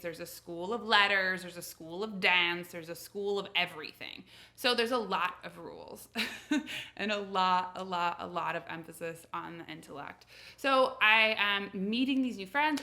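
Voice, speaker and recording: A young woman from the United States who coaches on intuition, talking casually to camera in a chatty, animated storytelling way. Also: fairly low pitch.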